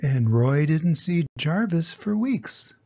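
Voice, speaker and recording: Older man reading a kids' storybook, slow and gravelly, muffled lo-fi home recording. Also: fairly high pitch, very animated, mellow. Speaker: grandfather reading aloud. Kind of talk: children's storybook read-aloud.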